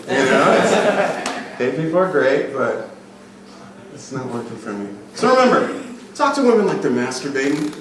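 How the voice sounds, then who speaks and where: A man coaching an audience at a live seminar, crude and animated, swinging between loud hype and low murmured demonstrations. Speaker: dating coach speaking at a seminar. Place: event hall. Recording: distant echoey room recording with faint ambience.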